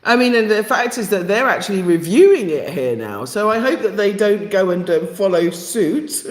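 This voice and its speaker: A woman talks straight to her live-stream viewers, driving each point home by repeating it. Her pitch swings widely and her voice has a lively, animated rise and fall. The sound carries a noticeable echo from the room. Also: moderate pace, few pauses. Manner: emphatic, repeats phrases for effect. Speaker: channel host. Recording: echoey room.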